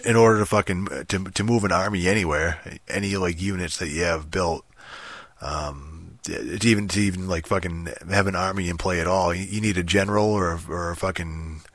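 A man's voice: low-pitched, normal speed, fairly bright tone, no room sound. A young man rambling casually about a strategy game, swearing constantly, restarting sentences and filling with ums. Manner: profane, rambling, frequent restarts and fillers.

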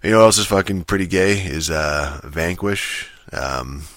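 A man's voice: deep voice, unhurried, fairly bright tone, dry recording, clean studio sound. A man talking on his own in a rambling, profane casual rant, full of fillers and restarts. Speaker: solo commentator on movies and games.

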